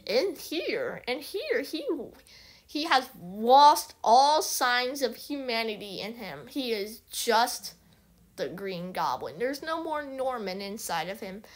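A woman vlogger rambling excitedly through a casual movie recap, full of restarts. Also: on the high side, slow pace.

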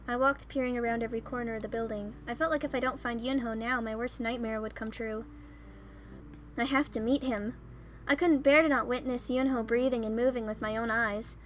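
A young woman gamer reading a visual novel aloud with gushing, excitable asides. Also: fairly high pitch, a little fast, soft background music.

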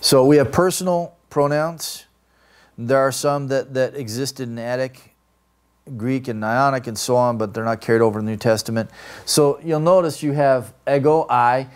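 A man lecturing a class on grammar. He explains patiently, step by step, and keeps checking in with his students as he goes. His voice sits at an ordinary middle pitch. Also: normal speed, clear, resonant tone. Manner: explanatory, asks "right?" often. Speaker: Greek grammar teacher.

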